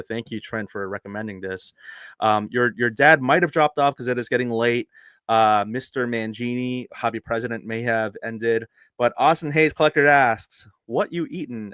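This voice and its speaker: A man's voice: fairly low pitch, a bit bright, smooth, no echo, clean studio sound. A man hosting a live-streamed podcast, chatty and hesitant with many fillers and restarts. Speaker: podcast host.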